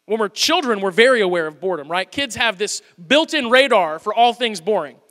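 A man in his thirties preaching a sermon in a church, animated and conversational with playful asides. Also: high-pitched, brisk. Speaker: pastor. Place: church auditorium. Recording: hall reverb.

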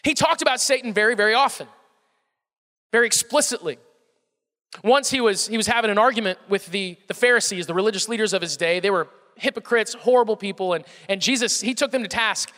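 A man's voice: high voice, fairly quick, bright, forceful tone, long reverb tail. A male pastor with a Southern American accent preaching a conversational sermon, often repeating words and putting questions to the congregation.

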